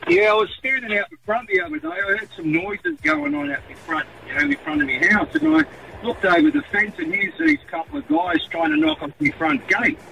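Caller, man, bright animated gravelly, lo-fi line. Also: very high-pitched. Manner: rapid, animated delivery. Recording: lo-fi line with faint noise.

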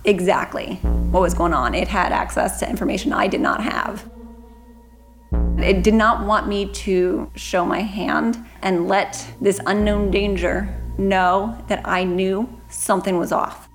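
Woman telling a tense true story. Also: mid-range voice. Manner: earnest, vivid and urgent. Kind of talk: recounting a personal story. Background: background music.

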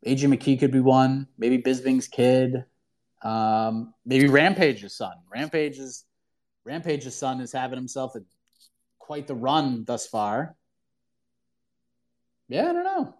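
A man's voice: medium pitch, lively intonation, slow, pauses often, a little mellow. A man hosting a casual call-in talk show, giving emphatic, opinionated answers in bursts with frequent restarts. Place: online audio room.

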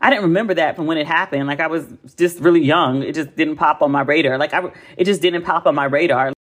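An American woman in her forties hosts a podcast and chats casually in a blunt, animated way, with lots of profanity and emphatic repetition. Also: low-pitched, quick pace. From United States. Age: 40s. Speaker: podcast host. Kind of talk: casual chat.

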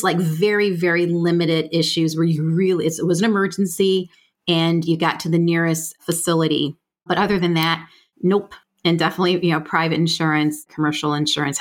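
A middle-aged woman from the United States, speaking as a healthcare finance guest in a frank, plain-spoken way with quick asides. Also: deep voice. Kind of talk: conversational explaining.

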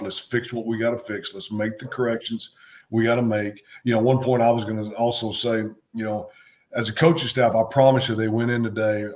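A middle-aged man, a former football coach and co-host, talking sports in a casual, emphatic way, repeating phrases to drive his points home. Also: lowish voice.

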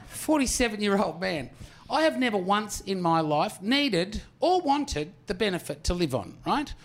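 An Australian man in his forties performs a stand-up routine with a noticeably high voice for a man. He tells a rambling story, swears freely and keeps turning to the crowd with quick asides. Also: very animated, vocal fry, slight background noise. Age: 40s. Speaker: stand-up comedian.

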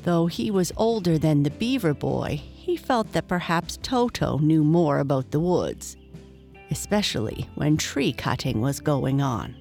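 A woman reading a children's story aloud in a slow, measured way. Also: sits low, expressive, a little mellow, faint music behind. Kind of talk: read-aloud storybook narration.

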